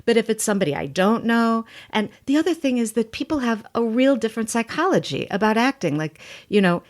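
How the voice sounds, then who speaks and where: A woman acting coach, a guest on a podcast, talking emphatically and bluntly in animated stretches. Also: on the high side, fairly quick. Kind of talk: podcast interview.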